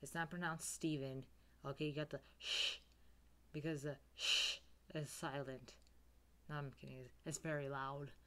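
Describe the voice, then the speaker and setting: A woman doing a goofy, slow-talking guy. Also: sits low, flat delivery, bright, forceful tone. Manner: slow, dragging, self-amused. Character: goofy young male student, self-amused joker. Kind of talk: comedy sketch character.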